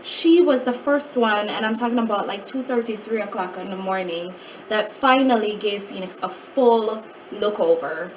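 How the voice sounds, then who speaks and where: A mother in a casual vlog, retelling a hospital night in an animated way and acting out what other people said. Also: medium pitch, normal speed, distant mic, slight background noise, low-quality recording. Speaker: mother of a child with a rare syndrome.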